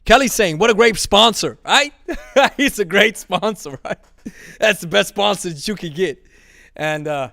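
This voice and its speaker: A man's voice: high voice, expressive, measured pace, gravelly, bright, forceful tone, dry recording, clean studio sound. A man who speaks natively hosts a live stream and chats casually with viewers, joking, laughing and repeating himself. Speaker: podcast host reading live chat.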